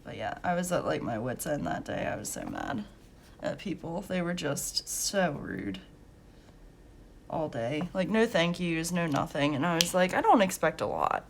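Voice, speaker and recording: Young woman, low gravelly voice, chatty storyteller, laughs often, faint hiss. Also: animated, unhurried. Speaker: coloring channel host. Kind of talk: casual chat while coloring.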